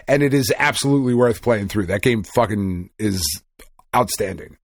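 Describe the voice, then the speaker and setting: A man's voice: mid-range voice, moderate pace, dry recording, clean studio sound. A male podcast co-host in casual chat, swearing freely and rambling through stories with restarts. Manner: profane, rambling storytelling.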